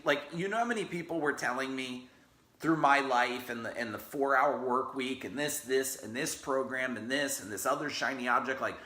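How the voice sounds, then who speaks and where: A man's voice: medium pitch, normal speed, sharp tone. A man coaching business owners in an unscripted live stream, blunt and rambling, swearing casually. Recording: roomy echo.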